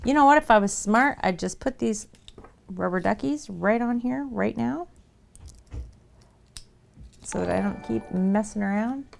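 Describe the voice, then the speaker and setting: A woman's voice: mid-range voice, a little slow, vocal fry, long pauses. A woman chatting casually on a live stream while she crafts at her desk at home. She laughs often and talks to her viewers and her dog. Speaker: streamer making her own merch.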